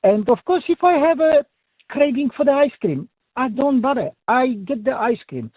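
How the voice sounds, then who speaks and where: A man's voice: very high voice, sing-song, normal speed, no room sound. A man calling in to a radio show, speaking earnestly with non-native phrasing. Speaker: caller. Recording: phone line.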